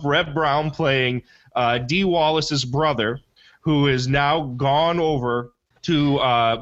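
A man's voice: fairly high pitch, a bit bright, muffled recording. Rambling enthusiastic male movie podcast host. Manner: rambling, enthusiastic, self-correcting. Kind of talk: casual chat, movie review.

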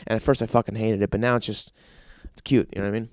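A man's voice: lowish voice, level tone, very fast, darkish tone, no echo, studio quality. A young man hosting his own podcast, ranting alone in a crude, rambling way with lots of fillers. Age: young adult. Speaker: podcast host. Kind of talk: crude solo podcast rant.

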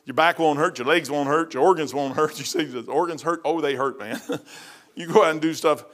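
A middle-aged man preaches informally and weaves in stories from his own life. His voice sits high for a man. He talks in a folksy, emphatic way and keeps throwing in "man.". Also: brisk, a bit bright.

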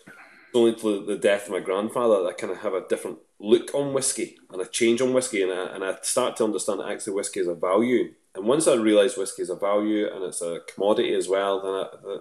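A man's voice: fairly low pitch, brisk, a little mellow, echoey room. A Scottish man, a guest, chatting in a rambling, self-mocking way about his life. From Scotland. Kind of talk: casual chat.

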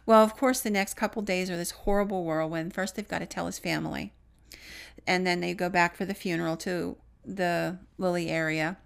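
A woman co-hosting a podcast and recounting a paranormal story. Her voice has a gravelly, creaky texture. She tells it earnestly and lets her voice fall away on the grimmest details. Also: on the low side, fairly even intonation, normal speed. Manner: earnest retelling, trailing off softly on grim details. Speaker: podcast co-host.

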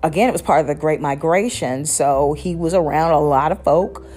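Low-voiced woman podcaster, reflective. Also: moderate pace, a little mellow, slightly rough. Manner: reflective, with frequent restarts. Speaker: podcast host. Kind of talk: casual podcast commentary.

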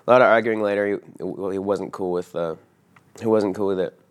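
A man's voice: lowish voice, fairly even intonation, fairly quick, smooth. A young man casually recounting a personal story, rambling with frequent fillers and swearing. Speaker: vlogger telling a personal story.

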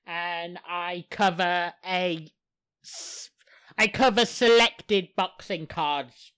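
A woman's voice: lowish voice, steady tone, extremely slow, fairly bright tone, smooth. A woman from the UK co-hosting a casual podcast chat, who swears often and talks in emphatic bursts. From United Kingdom. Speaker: podcast co-host.

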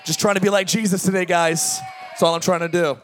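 A man preaching a lively sermon to his congregation, joking and calling out questions to the crowd. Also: high-pitched, fast, soft background music. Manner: energetic, joking preaching with audience call-outs. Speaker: pastor. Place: large tent church.

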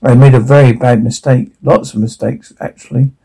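A man reading the measured, formal lines of a remorseful older father in a drama. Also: medium pitch, steady tone, creaky, dark tone, breathy edge. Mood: somber.

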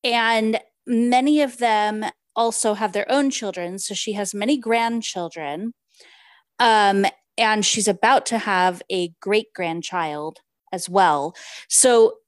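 She's a book podcast co-host who recaps a novel, reads passages aloud and chats casually, pausing to apologize for her Spanish pronunciation. Her voice is medium-pitched and slow, with no echo.

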